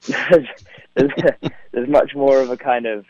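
A man's voice: mid-range voice, little pitch movement, takes it slowly, darkish tone, dry recording. A young man with an English accent, an actor chatting as an interview guest, talking freely with many fillers and laughs. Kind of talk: remote interview. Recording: tinny phone-like line, dry.

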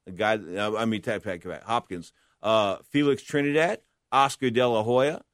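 A lowish-voiced boxing commentator talks at normal speed in a dry, clean studio recording. His opinionated monologue on boxing history is blunt and emphatic, full of questions he poses and then answers.

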